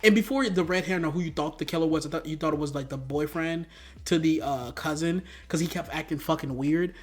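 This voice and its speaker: A man reviewing movies in a casual rant. He swears a lot, rambles, and breaks into sudden loud outbursts. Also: on the high side, brisk.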